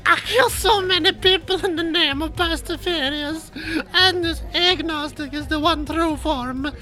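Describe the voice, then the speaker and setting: A man voicing a distraught male pasta cult zealot who wails melodramatically, pitched far above his own voice. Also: a little slow, bright, forceful tone, full character voice. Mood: distraught sobbing. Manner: wailing, melodramatic.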